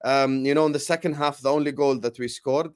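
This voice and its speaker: A man hosting a football livestream, talking in a hype, energetic way with lots of ums and uhs. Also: medium pitch, brisk, clean tone. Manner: energetic, hype-style announcing with frequent fillers. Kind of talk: casual livestream chat.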